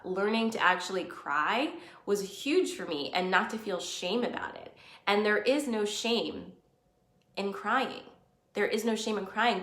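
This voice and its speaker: A woman's voice: medium pitch, fairly bright tone, roomy sound. A woman hosting a live stream, talking earnestly and conversationally and reading out viewer comments. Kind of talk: casual live-stream talk.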